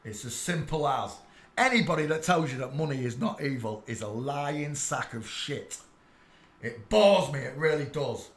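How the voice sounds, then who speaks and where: An English man ranting on a live stream, preachy and irate, swearing and bursting into shouts at his chat. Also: medium pitch, lively intonation, normal speed, echoey room.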